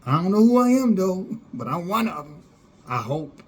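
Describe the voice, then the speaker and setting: A man mimicking a dazed, unsure member of a sect who claims to be one of the chosen remnant, in a mocking, halting way. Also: high-pitched, sing-song, husky, heavily acted.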